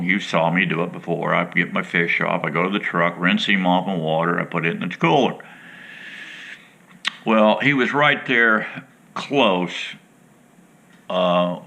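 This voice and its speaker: Gravelly folksy man spinning a yarn. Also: deep voice, bright, forceful tone. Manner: rambling, folksy, chatty. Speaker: outdoors show host. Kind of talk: casual storytelling to viewers.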